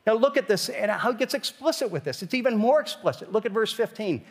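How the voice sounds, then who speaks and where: A man's voice: sits high, animated, fast, breathy edge, long reverb tail. A man preaching a sermon as pastor, in a conversational style that builds to emphatic questions.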